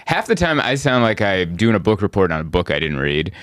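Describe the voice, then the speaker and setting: A man's voice: low voice, big pitch swings, a little fast, a bit bright, dry recording, clean studio sound. A man hosting a comedy podcast, chatting casually in a rambling, self-deprecating way and laughing often.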